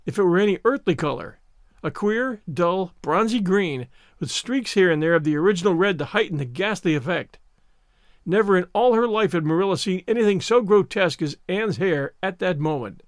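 A male narrator reads a classic story aloud in a high, lively voice. His pitch moves widely, and the sound is close and dry, with no room echo. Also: brisk.

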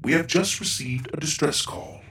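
A man's voice: a little high, normal speed, pushed and bright, distant mic, slight background noise, voice pushed up. A man voicing a polite, formal robot pilot with dry humor, heard with an intercom-like echo. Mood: cautious. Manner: formal and precise. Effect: echoey intercom sound.

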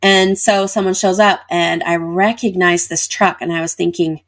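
As a guest in an interview, a woman tells a personal story vividly, performing the dialogue of the people involved. Her lowish, fairly bright voice stays steady at normal speed, with hardly any pauses.

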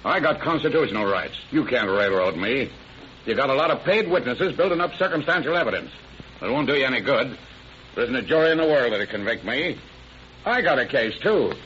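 A man's voice: medium pitch, expressive, brisk, fairly bright tone, a little hiss or hum, natural voice. An actor playing a defiant male murder suspect who blusters and threatens, in 1940s radio acting. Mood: blustering. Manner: belligerent, sneering. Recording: muffled old radio broadcast.

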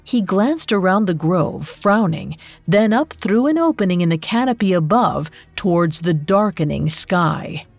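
A woman narrating a myth as scripted storytelling, in a slow, measured way. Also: on the low side, expressive, vocal fry, no echo. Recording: dry studio with faint music.

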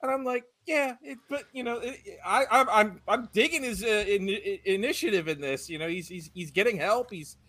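High-voiced man retelling with laughter. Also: animated, normal speed, hardly any pauses, sharp tone. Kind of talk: casual chat.

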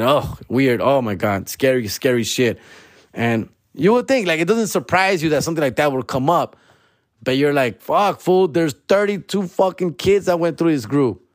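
A man's voice: medium pitch, dry recording, clean studio sound. Slangy man in his forties. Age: 40s. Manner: profane and slangy, tags lines with "fool" and "dog". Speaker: comedian host. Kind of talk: casual comedic monologue.

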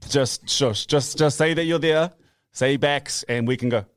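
A man co-hosting a podcast, talking in excitable, playful casual banter. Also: medium pitch, unhurried, clear, resonant tone, no echo, studio quality. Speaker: podcast co-host.

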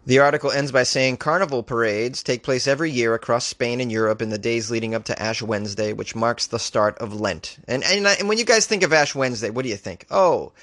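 A man's voice: mid-range voice, brisk, hardly any pauses, fairly bright tone, dry recording. A man hosting a weird-news podcast, reading stories aloud and riffing on them with sarcastic disbelief; he says he is a little loopy. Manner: incredulous, ranting, reads stories aloud then riffs. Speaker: podcast host.

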